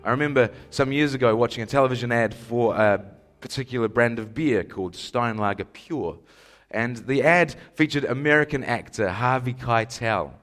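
A man's voice: medium pitch, moderate pace, fairly bright tone. A man addressing an audience, asking rhetorical questions and repeating key phrases for emphasis. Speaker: speaker.

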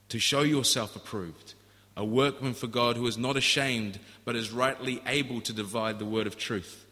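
A man's voice: medium pitch, steady tone, moderate pace, bright, forceful tone. A man preaching a sermon in an earnest, storytelling way, often restarting his phrases. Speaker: pastor. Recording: echoey hall.

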